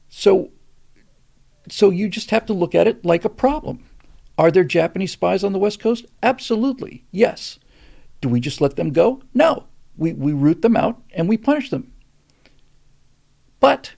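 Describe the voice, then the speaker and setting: A man's voice: gravelly, dark tone. An older man hosting a show, talking casually and earnestly, and getting emphatic when he makes his points. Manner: earnest, builds to emphatic pitch on key points. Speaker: host. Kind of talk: casual monologue answering a question.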